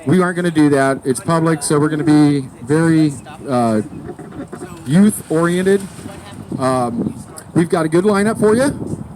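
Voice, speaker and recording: This show host has a fairly high, slightly slow voice with a darkish tone. He's introducing comedians at an outdoor show beneath a tree in a city park, rambling, cracking jokes, and tripping over names.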